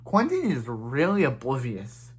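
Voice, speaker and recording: A man's voice: mid-range voice, huge pitch swings, unhurried, breathy edge. Rambling man recapping a TV episode. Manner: rambling, many restarts and "yeah, so" fillers. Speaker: TV episode reviewer.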